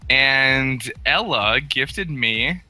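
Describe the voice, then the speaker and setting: Male podcast guest, eager and joking, very bright tone, faint music underneath. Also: medium pitch, lively intonation, very slow. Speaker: podcast guest and channel moderator. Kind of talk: casual podcast chat.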